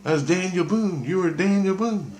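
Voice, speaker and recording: A man lifting his voice into a calm, gentle divine figure who speaks in a dream. The voice sits well above the speaker's own deep register, and the pronouncements come out soft and matter-of-fact, with a faint hum in the background. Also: normal speed.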